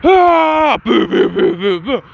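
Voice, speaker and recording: A man voicing a brash, hot-tempered teenage boy hero who curses and shouts threats. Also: sits high, expressive, moderate pace, dull audio. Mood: furious. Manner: cursing, shouting, boastful.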